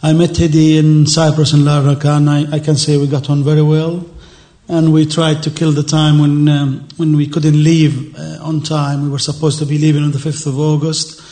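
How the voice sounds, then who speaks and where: A man, giving an earnest, emotional public speech on a panel in halting, repeated phrases. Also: a little high, level tone, dark tone. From Palestine. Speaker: activist speaker.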